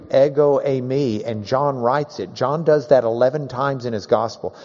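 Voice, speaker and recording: A man's voice: mid-range voice, darkish tone. A man teaching a Bible class in a folksy, joking way, leaning hard on key words. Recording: dull, echoey hall recording.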